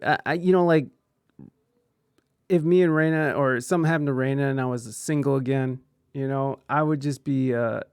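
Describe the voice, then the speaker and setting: A man's voice: on the high side, creaky, a little mellow, no room sound, studio quality. A man streaming live, chatting casually and telling rambling, profane stories while reacting to videos.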